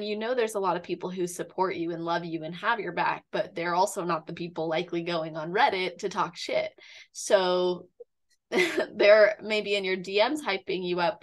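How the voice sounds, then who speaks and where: A woman hosting an interview, affirming her guest and asking reflective questions. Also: fairly low pitch. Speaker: podcast host.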